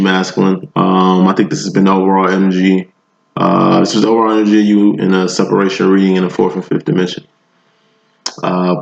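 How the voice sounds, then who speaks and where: A man giving a casual tarot reading in a laid-back, slangy way, with a flat monotone delivery. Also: deep voice, creaky. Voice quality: self-described monotone. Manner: laid-back, slangy, chuckles between lines. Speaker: tarot reader. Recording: echoey room, dull lo-fi, loud background noise.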